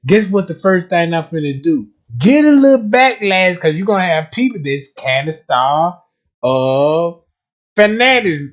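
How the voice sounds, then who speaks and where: A man's voice: high-pitched, big pitch swings, unhurried. A man with a country Southern US accent hosting a livestream, talking casually with a lot of profanity, often repeating words as he stumbles and checking that his listeners follow. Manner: keeps asking listeners if they follow. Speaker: livestream host.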